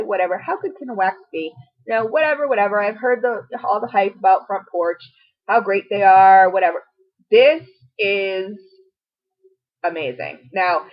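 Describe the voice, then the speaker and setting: Middle-aged woman, casual vlog review, gushing, chatty, dull lo-fi recording. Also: medium pitch. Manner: gushing and chatty, many fillers and asides. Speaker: beauty and home product vlogger. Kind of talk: casual product review to camera. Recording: dull lo-fi home video audio.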